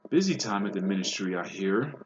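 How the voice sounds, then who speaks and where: A man's voice: fairly low pitch, expressive, a little fast, muffled recording, crowd noise, lightly acted. A man reading aloud and voicing a sneering, arrogant older wizard with a cold, mocking manner.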